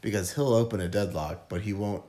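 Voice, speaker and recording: A man co-hosting a podcast in casual chat, animated and quick to laugh, cursing casually as he tells stories. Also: on the low side. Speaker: podcast co-host.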